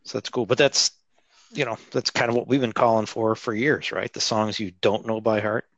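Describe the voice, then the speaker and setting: Laid back guy on a podcast, lowish voice, muffled dry audio. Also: fairly even intonation, moderate pace, a bit bright, no room sound. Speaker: podcast co-host. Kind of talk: casual chat. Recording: dull, dry, lo-fi sound.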